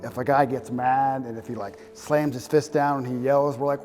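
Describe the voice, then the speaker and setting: A man's voice: mid-range voice, fairly even intonation, normal speed, darkish tone. A man explaining his views step by step in a candid round-table conversation. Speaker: discussion participant. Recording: long hall reverb with faint music.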